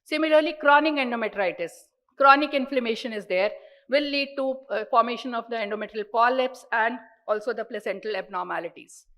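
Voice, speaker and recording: A woman's voice: fairly high pitch, fairly quick, fairly bright tone, rough recording. A woman with an Indian accent giving an earnest, explanatory medical lecture at a conference, repeating words for emphasis.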